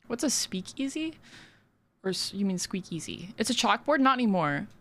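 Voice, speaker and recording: A woman's voice: medium pitch, sing-song, normal speed, fairly bright tone. A woman streamer chatting casually while building in a game, giggly and full of fillers. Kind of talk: casual gaming stream chat.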